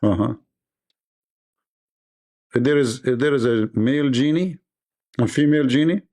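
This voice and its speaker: A man's voice: mid-range voice, unhurried, darkish tone. Joking male livestream host. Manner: joking storyteller, mimics voices, laughs often. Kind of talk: livestream debate chat.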